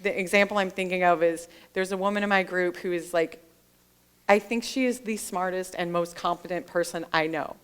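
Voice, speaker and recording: A woman author in an onstage interview, telling animated stories and acting out the dialogue. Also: lowish voice, moderate pace, clean tone. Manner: animated storyteller who acts out quoted dialogue. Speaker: author guest. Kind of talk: conversational interview at a library event. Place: library author event.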